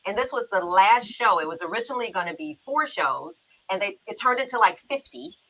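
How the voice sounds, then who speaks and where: A middle-aged woman hosting a talk show, telling a personal story in a chatty, quick-bursting way with laughs in her speech. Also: mid-range voice, animated, bright, forceful tone, slight background noise, low-quality recording. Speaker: show host. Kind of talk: casual heartfelt talk-show chat.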